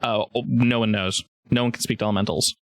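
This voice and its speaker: A man's voice: lowish voice, fairly even intonation, quick pace, dry recording, studio quality. Rambling man running a tabletop game. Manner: rambling, laughs often, many restarts. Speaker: game master.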